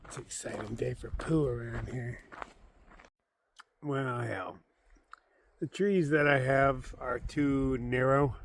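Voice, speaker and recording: A man with an ordinary middle-pitched voice chats casually to a handheld camera from his hammock in the woods. He rambles, jokes at his own expense and often lets his words fade into a low mumble. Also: a bit bright, a little hiss or hum. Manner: rambling, self-deprecating, often trails off into a mumble. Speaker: solo thru-hiker vlogger. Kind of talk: casual outdoor vlog monologue. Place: in a hammock camp in a forest, outdoors.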